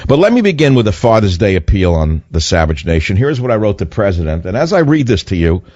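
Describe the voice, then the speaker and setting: A man's voice: lowish voice, sing-song, fast, a little mellow, no echo. Emphatic male radio talk host. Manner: emphatic, repetitive, mocking whiny voices. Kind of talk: radio monologue. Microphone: studio microphone. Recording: muffled dry radio broadcast.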